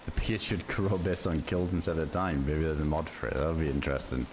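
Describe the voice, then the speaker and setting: A man's voice: rumbling low, fairly quick, noisy background. A man streaming a survival game, chatting casually with viewers as he plays, swearing now and then. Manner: relaxed, chatty, swears casually, reacts to chat. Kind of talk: casual livestream commentary.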